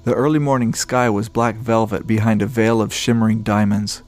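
A man reading a story aloud in a steady, descriptive narration. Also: fairly low pitch, moderate pace. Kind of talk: scripted narration.

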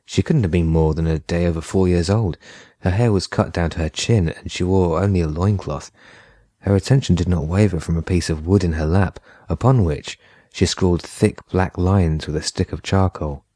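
A man narrating a horror short story in a measured, unhurried way. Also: deep voice, mellow, no echo, clean studio sound. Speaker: audiobook narrator.

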